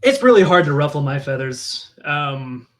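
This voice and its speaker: A man's voice: fairly high pitch, big pitch swings, moderate pace. A man appearing as a podcast guest in casual chat, speaking hesitantly with frequent restarts.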